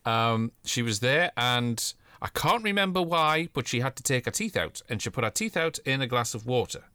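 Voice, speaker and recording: Bright, lively man rambling and laughing. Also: mid-range voice, normal speed, clean tone, no room sound, clean studio sound. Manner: rambling, laughs often, goes off on tangents. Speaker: podcast co-host. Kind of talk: casual comedic chat reviewing old TV.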